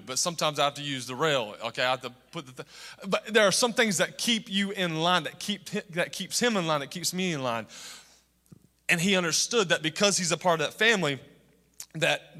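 A man in his thirties preaching as a pastor, earnest, with slow, stressed phrases and frequent restarts. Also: on the high side, pushed and bright, long reverb tail. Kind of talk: sermon.

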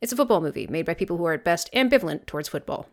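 A woman's voice: fairly low pitch, animated, rapid-fire, a little mellow. A woman co-hosting a podcast, chatting casually with sarcastic, self-mocking jokes. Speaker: podcast co-host. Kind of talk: casual chat.

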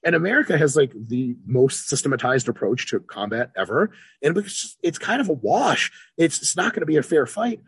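A man guest on a podcast, an exercise scientist talking casually and profanely, animated, swearing freely and acting out characters. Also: fairly high pitch, normal speed, slightly rough, no echo.

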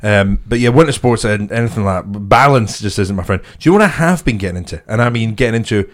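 A man's voice: on the low side, expressive, fast. A young Scottish man, a comedian co-hosting a podcast, rambling and swearing in casual banter. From Scotland. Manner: rambling, swears freely, restarts a lot.

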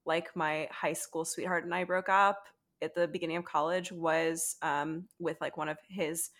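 Young woman, podcast host, chatty and relaxed, swears freely. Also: low voice, moderate pace. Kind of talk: casual chat.

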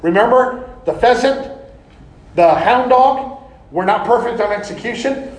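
A man preaching a sermon in an animated, folksy way, often breaking into laughter. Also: sits high, normal speed. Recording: echoey room.

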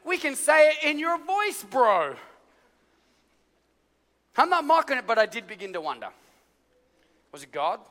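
A male pastor delivers a lively sermon in a very high, sharp, bright voice. He tells stories and acts out voices along the way. The sound rings with the long reverb of a large church hall. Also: unhurried, long pauses. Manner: animated storytelling with acted-out voices.

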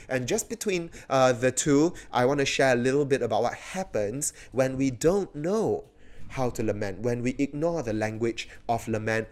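A man preaching a sermon, animated, often raising his voice to act out cries of the psalms. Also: mid-range voice. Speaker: pastor.

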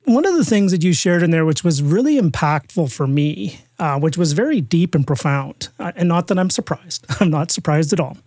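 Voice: medium pitch, expressive, darkish tone, no echo. A podcast host asking a guest a question, hesitant and full of restarts. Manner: halting, with many fillers and restarts. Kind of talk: interview questions.

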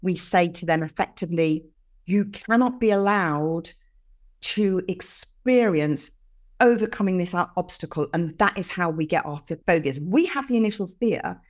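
An older woman, a podcast guest explaining things earnestly with lively emphasis in casual conversation. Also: on the low side, normal speed.

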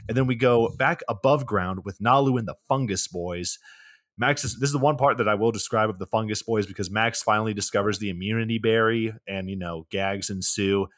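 A man co-hosting a podcast, recapping a movie in a deadpan, sarcastic way and swearing often. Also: lowish voice, a little fast, dry recording, studio quality. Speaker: podcast co-host.

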